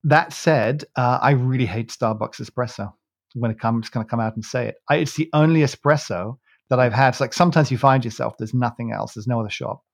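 Speaking fairly quickly with vocal fry, this man has a mid-range voice. As a podcast co-host, he rambles through casual chat, frequently restarting and fixing his words with a chuckle.

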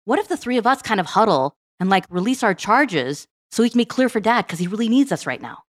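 A woman's voice: medium pitch, sing-song, fast. A woman in her forties, a podcast guest, telling personal stories animatedly and acting out family dialogue. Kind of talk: storytelling in a podcast interview.

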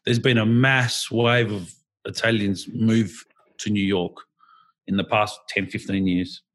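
A man's voice: on the low side, measured pace. A man chatting casually, rambling with lots of restarts. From Australia. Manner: animated, rambling, many restarts. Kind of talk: casual podcast chat.

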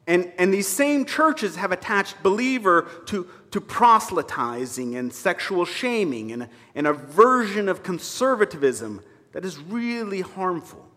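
Lively, high-voiced man preaching a sermon. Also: unhurried, hardly any pauses. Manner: conversational preaching with wry asides. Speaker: minister. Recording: reverberant hall sound.

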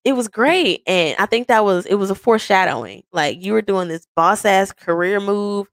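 A woman podcast host telling a personal story in a casual way, animated and often laughing. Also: dry recording. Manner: animated, quick swings into high quoted voices; frequent laughs.

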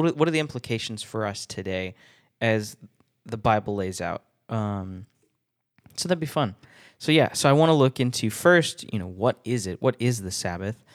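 A man hosting a casual solo podcast, rambling and self-deprecating, laughing often between thoughts. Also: mid-range voice. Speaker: podcast host.

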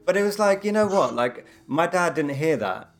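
A man telling personal stories in a casual conversation, animated and full of fillers like "you know". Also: on the high side, a loud crowd. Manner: fast, animated storytelling with many fillers.

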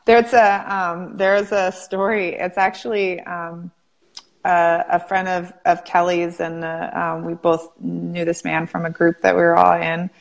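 Woman, interview host, animated storyteller, says "like" a lot, lowish voice. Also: unhurried, creaky. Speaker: interview host, practice coach. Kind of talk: casual interview chat.

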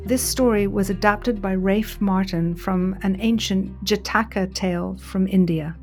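Expressive woman telling a folk tale. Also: medium pitch, measured pace, soft background music. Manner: expressive, dramatic. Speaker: storyteller, story coach. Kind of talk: storytelling narration.

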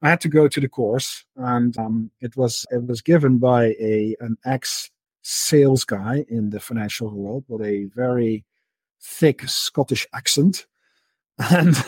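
Husky-voiced man explaining at length. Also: medium pitch, darkish tone, dry recording. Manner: explains at length, often repeats words while thinking. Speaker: interview guest, market analyst. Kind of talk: casual conversational interview.

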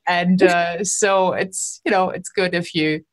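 A woman's voice: lowish voice, fairly even intonation, slow. A woman hosting a podcast interview, enthusiastically summing up her guest's story before asking a question. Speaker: podcast host. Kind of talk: casual interview.

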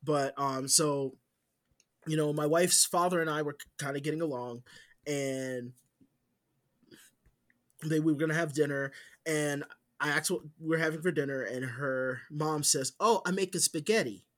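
A man co-hosting a casual podcast, telling stories in an animated way, swearing freely and swinging between loud bursts and hushed asides. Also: fairly high pitch, measured pace, pauses often. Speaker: podcast co-host. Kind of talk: casual chat.

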